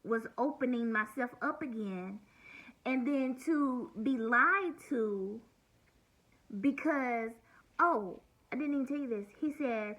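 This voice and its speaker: Forties woman, vlog rant, sharp bright higher voice, blunt and cussing, hurting. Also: takes it slowly, poor audio. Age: 40s. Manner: blunt, venting, heavy swearing. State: hurt and near tears. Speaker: vlogger. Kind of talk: emotional personal vlog monologue.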